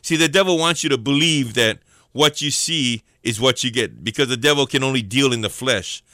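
A man preaches an informal devotional message in a bright, forceful voice. He is earnest and slows down to repeat his key lines for emphasis. The sound is close and dry, with no room around it. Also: medium pitch, no echo.

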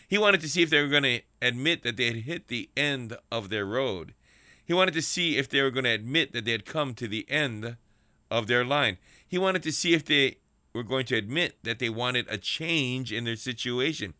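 Bright-voiced man preaching slowly. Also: mid-range voice, lively intonation, clear, resonant tone, dry recording. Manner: slow, repetitive preaching cadence. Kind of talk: sermon.

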